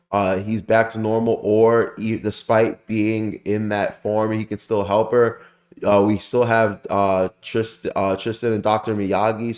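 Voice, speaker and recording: A young man hosting a casual review channel, rambling excitedly with lots of fillers and the odd swear word. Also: lowish voice. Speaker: anime review channel host. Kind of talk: casual spoken manga chapter review. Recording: roomy echoey room.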